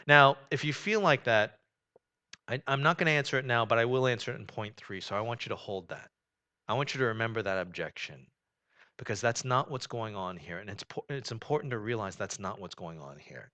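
Guy preaching a sermon, bright voice, chatty, gets loud then drops real quiet. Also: medium pitch, moderate pace. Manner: conversational preaching, rising and falling in volume, frequent "you know". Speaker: pastor.

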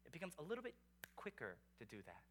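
A man preaching a sermon as pastor, animated and conversational, asking the congregation rhetorical questions. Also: fairly high pitch, quick pace.

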